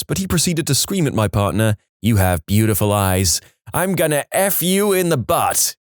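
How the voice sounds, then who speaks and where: A man narrating funny stories as a podcast host, in a wry, deadpan manner with dry comic asides. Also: mid-range voice, no room sound. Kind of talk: scripted storytelling narration.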